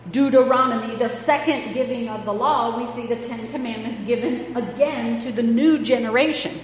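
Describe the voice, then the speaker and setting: A woman preaching a sermon, stressing words emphatically and often rising in pitch and volume as she drives a point home. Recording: echoey hall with faint background noise.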